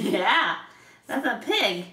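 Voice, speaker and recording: A woman reading picture books aloud to a toddler, asking patient questions in a slow, playful way. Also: medium pitch, sing-song, pushed and bright. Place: home room. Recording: roomy home video from a distance.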